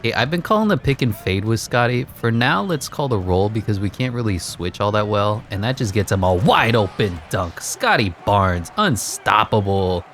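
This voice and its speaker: A man giving casual, excitable commentary over his own gameplay, laughing at the game and mocking himself. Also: normal speed, few pauses, a little hiss or hum. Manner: excitable, voice jumps high when hyped. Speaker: gaming commentator.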